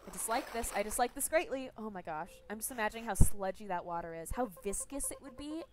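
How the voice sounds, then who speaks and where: A woman's voice: mid-range voice, animated, fast, background noise. A young woman gaming streamer giving chatty, playful let's-play commentary and reading game text aloud.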